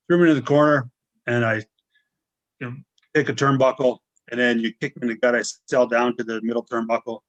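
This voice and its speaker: A man guesting on a podcast, telling lively stories in casual chat. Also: mid-range voice, fast, dry recording, dull audio. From Canada. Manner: animated storyteller, acts out shouts.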